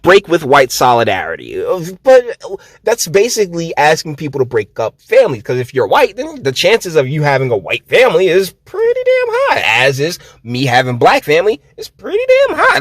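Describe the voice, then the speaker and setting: Brief: sarcastic profane vlogger, thirties, lively swooping voice, dry close sound. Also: male voice, fairly high pitch, normal speed, no echo. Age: 30s. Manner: sarcastic, profane, many restarts. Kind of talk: ranting commentary.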